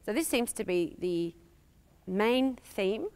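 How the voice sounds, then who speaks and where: A woman's voice: mid-range voice, lively intonation, slow, a little mellow. A woman with an Australian accent teaching a violin master class, asking probing questions and singing phrases aloud. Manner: encouraging, questioning, sings phrases.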